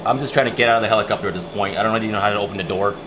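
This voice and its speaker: Brief: a livestream host, a man with a lowish voice, excitable and rambling. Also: very fast, noisy background. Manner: excited, rambling, repeats himself. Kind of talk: casual chat.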